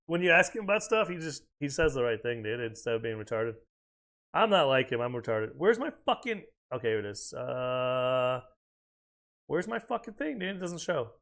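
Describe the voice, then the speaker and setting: A man's voice: on the high side, creaky, fairly bright tone. A man chatting casually and profanely while streaming a video game, rambling between reactions to play. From United States. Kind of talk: casual chat while gaming.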